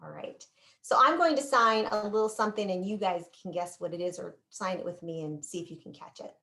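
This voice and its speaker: A woman teaching basic sign language in an online class, drawing out words slowly as she demonstrates each sign. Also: mid-range voice, bright, forceful tone. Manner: slow, demonstrative, drawn-out words while signing.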